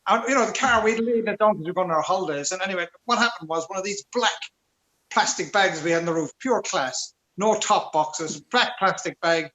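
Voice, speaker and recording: A man's voice: high voice, fairly quick, sharp tone, low-quality recording. An Irish man doing stand-up over a video call, telling a long rambling story with stammered restarts and chuckles. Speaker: stand-up comedian.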